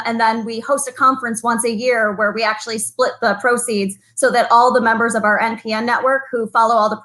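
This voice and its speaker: Woman, chamber president guest, casual chat, upbeat, talkative, slightly high voice. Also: a bit bright. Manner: upbeat, talkative, quick to laugh.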